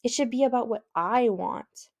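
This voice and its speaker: Female audiobook narrator, first-person, casual and youthful, with a touch of vocal fry. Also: on the high side, normal speed. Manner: conversational, youthful, inward.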